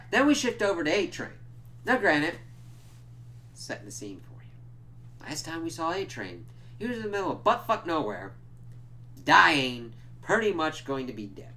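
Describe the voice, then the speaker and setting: A man with a fairly high voice casually recaps and reviews a TV episode, swearing constantly. He's animated and breaks into quick impressions of the characters as he goes.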